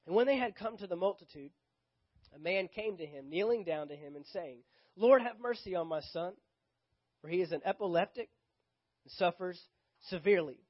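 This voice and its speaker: A high-pitched man with a Southern US accent delivers a sermon, hammering home repeated phrases and voicing the scripture's speakers as he reads. The recording is dull and muffled, like a church sound system captured on modest equipment. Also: fairly quick, slightly rough. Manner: emphatic, repeats key phrases, acts out scripture dialogue. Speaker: pastor. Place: church sanctuary.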